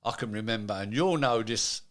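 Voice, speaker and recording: A man's voice: on the low side, animated, moderate pace. Older guy talking shop in an interview, chatty, keeps doing little voices for people. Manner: chatty, acts out quoted dialogue. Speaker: retired manufacturing executive, guest. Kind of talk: casual interview.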